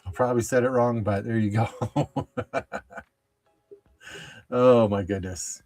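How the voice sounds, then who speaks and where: Opening packs on his sports card show, a middle-aged host keeps up casual chatter in a lowish, somewhat mellow voice with fairly flat intonation. Easily amused, he chuckles frequently, stops and restarts, and drifts off into filler words.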